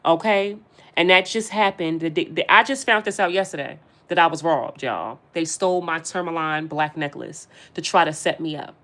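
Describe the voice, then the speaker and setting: This tarot reader addresses her audience directly in a casual, spiritual reading, stressing and repeating her words. She has a low-pitched, fairly bright voice and speaks at normal speed.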